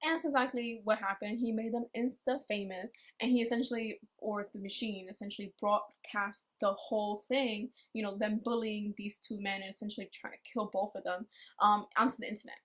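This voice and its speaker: A woman's voice: medium pitch, brisk. A woman casually recapping an anime episode, swearing freely and acting out the lines as she tells it. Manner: profane, animated storytelling with acted quotes. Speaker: anime reviewer.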